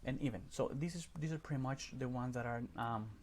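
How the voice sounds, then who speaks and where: Man, teacher type, recorded slide lesson, middle-pitched voice, patient step-by-step explaining, light background hiss. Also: brisk. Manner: explains step by step, frequent "right?" checks.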